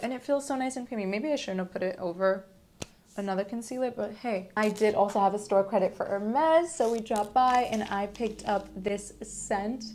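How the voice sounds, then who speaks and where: A young woman chats to her viewers, upbeat and enthusiastic. Her voice sits at an everyday middle pitch, and a faint hiss runs underneath. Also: fairly quick, darkish tone. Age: young adult. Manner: chatty, enthusiastic, addresses viewers as guys. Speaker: vlogger. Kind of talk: casual beauty product talk to camera.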